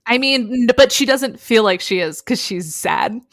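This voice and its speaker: A woman's voice: fairly high pitch, normal speed, dry recording, studio quality. A woman co-hosting a podcast in casual chat, retelling a romance novel's plot and acting out the characters' lines. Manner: animated storytelling, acting out character quotes. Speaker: podcast co-host.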